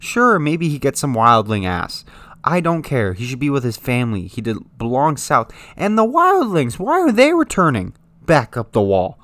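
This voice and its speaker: A man's voice: mid-range voice, huge pitch swings, moderate pace, fairly bright tone, no room sound. A young man in a heated, exasperated monologue, swearing and throwing sarcastic jabs as he rants. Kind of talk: ranting monologue.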